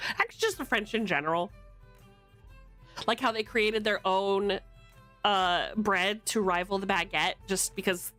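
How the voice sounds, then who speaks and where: A young American woman streaming from her desk at home, chatting loudly and casually with viewers, swearing and laughing easily. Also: medium pitch, soft background music. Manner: loud, chatty, swears freely, quick to laugh. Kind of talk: casual livestream chat with viewers. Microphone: streaming mic.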